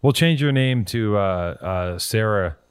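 A man hosting a call-in show, giving blunt, profane motivational talk and telling stories with animated energy. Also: lowish voice, a little slow, clear, resonant tone, dry recording, studio quality.

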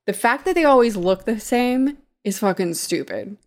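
A woman's voice: on the high side, expressive, normal speed. A young woman co-hosting a casual chat, blunt and sardonic and swearing freely. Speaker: podcast co-host.

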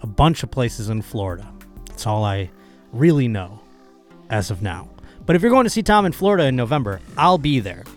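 A comedian hosting his own podcast alone, talking in a rambling, excitable, profane way, his voice still hoarse from being lost. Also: medium pitch, fairly quick, faint music behind. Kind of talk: casual solo podcast monologue.

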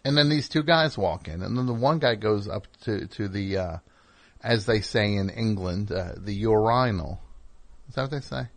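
A man's voice: lowish voice, moderate pace, fairly bright tone. Man, middle-aged, radio host, rambling, wry, self-deprecating storyteller. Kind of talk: casual monologue and call-in chat.

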